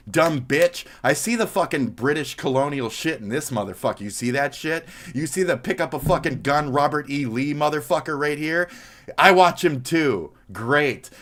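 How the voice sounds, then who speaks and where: Bright-voiced profane streamer man from Minnesota. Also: fairly high pitch. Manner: profane, blunt ranting. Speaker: livestreamer. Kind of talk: casual live-stream reaction talk.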